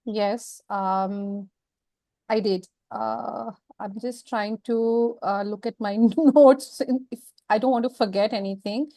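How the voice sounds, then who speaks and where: A woman speaking as an interview guest, telling a personal story in a frank, emotional, expressive way. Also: on the high side, slow, no room sound.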